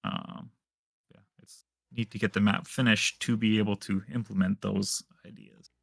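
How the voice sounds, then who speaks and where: A man from Manitoba, Canada, answering interview questions as a guest modder in a relaxed way, with many pauses and fillers. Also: fairly low pitch, creaky, husky, dry recording, clean studio sound.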